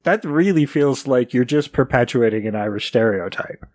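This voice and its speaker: Casting: male podcast host, mid-pitched, jokey and chatty. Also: lively intonation, moderate pace, darkish tone, no room sound, clean studio sound. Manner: jokey, chuckles often. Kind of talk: casual chat.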